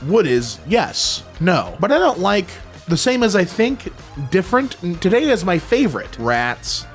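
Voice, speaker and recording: A man's voice: high-pitched, very animated, measured pace, soft background music. A young man reading funny posts aloud and reacting with jokey, mock-confused commentary.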